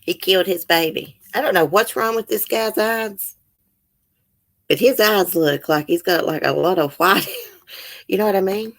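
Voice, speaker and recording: A woman's voice: medium pitch, unhurried, long pauses. A woman hosting casual true-crime commentary, reading news aloud and reacting emotionally and bluntly. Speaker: channel host.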